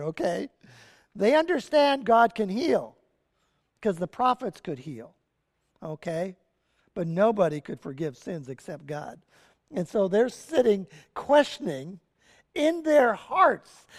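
Pastor preaching, lively rising and falling pitch, unhurried, echoing hall. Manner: animated storytelling with casual asides. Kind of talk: sermon. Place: church sanctuary.

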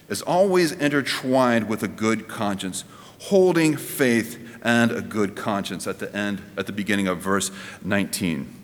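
A man giving a sermon as a pastor, in a conversational preaching manner that climbs and drops in pitch, with frequent restarts. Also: a little slow, in a large hall.

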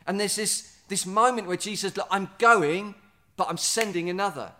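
A man preaching a sermon, earnest, repeating words and slowing down to stress key lines. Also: high-pitched, pushed and bright. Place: standing in a building site or venue.

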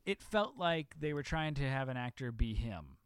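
A man's voice: medium pitch, normal speed, smooth, no room sound. Man, podcast co-host, casual rambling talk, swears a lot, dry close sound. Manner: profane, rambling, animated retelling. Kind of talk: casual chat.

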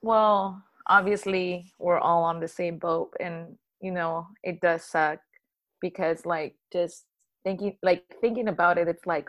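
A woman middle school teacher chatting casually on a podcast, telling lively stories. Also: on the low side, unhurried, muffled recording. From Southern California. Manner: animated storytelling with acted quotes. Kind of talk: casual chat.

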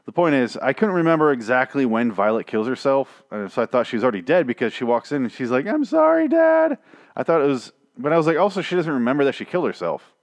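A man's voice: medium pitch, animated, fast talker, few pauses, no room sound. Rambling, sarcastic man reviewing a show. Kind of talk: casual recap rant.

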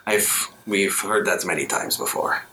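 A man doing a calm, courteous raven man. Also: low-pitched, measured pace, background noise, pitched below the performer's own voice. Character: polite male wereraven, man in raven-feather cloak. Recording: roomy room with violin music behind.

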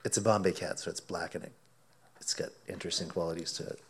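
A man preaching, telling a lively anecdote as a sermon illustration and acting out his own quoted words, often laughing. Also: low-pitched, quick pace. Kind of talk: sermon illustration told as a story.

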